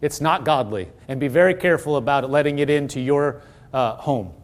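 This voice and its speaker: A man preaching a sermon and reading scripture aloud, earnest and emphatic, slowing down to stress key phrases. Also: on the high side. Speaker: pastor.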